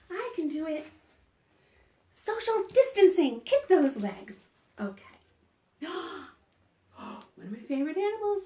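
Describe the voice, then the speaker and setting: Woman, children's librarian, online storytime; high voice, animated and encouraging, in an echoey room. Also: slow, long pauses. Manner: animated and encouraging, with gasps of surprise and prompts to join in. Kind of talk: online storytime reading picture books to children. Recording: roomy echo.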